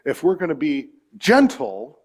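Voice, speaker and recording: A man's voice: fairly high pitch, wildly swooping pitch, measured pace. Earnest pastor, man, preaching. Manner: earnest storytelling, swings from hushed to emphatic. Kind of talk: sermon. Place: church.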